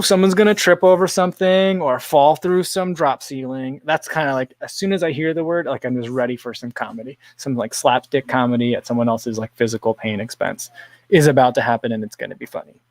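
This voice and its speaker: A man's voice: medium pitch, dry recording. A man hosting a casual livestream, rambling, chuckling often and reading viewer comments aloud. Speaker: livestream host.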